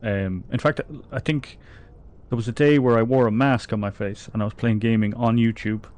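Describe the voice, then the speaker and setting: Medium-pitched and darkish in tone, this man's voice keeps fairly even intonation at a normal speed. He's an Irish livestreamer from the Republic of Ireland, chatting casually while gaming, reading comments aloud and laughing often.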